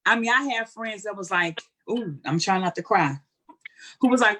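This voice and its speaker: At a moderate pace and medium pitch, a woman answers an interview question as a guest speaker. She comes across as earnest and colloquial, sharing stories candidly and with real feeling.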